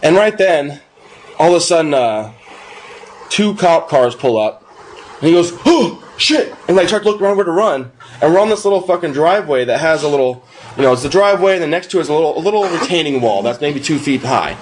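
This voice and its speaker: A young man with a fairly high voice recounts a wild night, swearing freely and putting on quick voices for the people in his story. The recording carries a faint hiss underneath. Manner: profane, animated anecdote with acted-out quotes. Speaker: podcast co-host. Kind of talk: casual storytelling.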